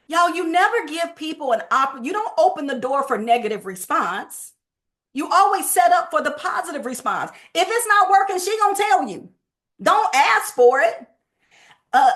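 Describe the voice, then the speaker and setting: A woman giving a lively, emphatic sales training talk, with speech and a quick habitual pace. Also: high voice.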